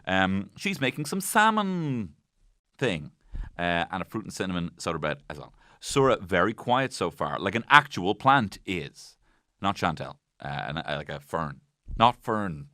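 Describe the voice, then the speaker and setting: Rambling, sweary podcast host. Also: male voice, low voice, very animated, measured pace, bright, forceful tone, dry recording, studio quality. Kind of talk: comedic episode recap. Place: podcast studio.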